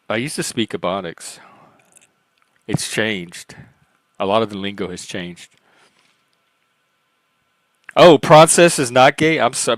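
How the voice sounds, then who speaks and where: Male stream host, casual and rambling, light youthful voice, mid pitch, dry close sound. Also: fairly bright tone, dry recording. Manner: rambling, self-mocking, laughs often. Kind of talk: casual chat.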